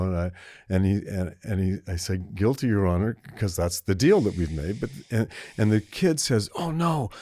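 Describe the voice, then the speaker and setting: A man's voice: low-pitched, warm tone, no echo, clean studio sound. An older man in his seventies, a podcast co-host telling a long story in casual chat, rambling with restarts and acting out the voices he quotes.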